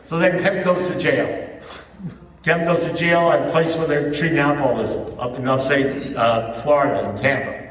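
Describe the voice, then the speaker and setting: A man's voice: on the high side, steady tone, moderate pace, distant mic. A man speaking at a recovery meeting, telling a story to an audience in a conversational way, often asking "you know what I mean?". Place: large meeting hall with an audience. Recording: echoey hall, mic heard from afar.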